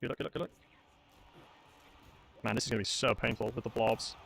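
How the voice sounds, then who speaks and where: Fast-talking, gravelly young male streamer. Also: mid-range voice, little pitch movement, a bit bright, a little hiss or hum. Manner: chatty, joking, self-mocking. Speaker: streamer playing a tournament match. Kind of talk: casual live-stream chat while gaming.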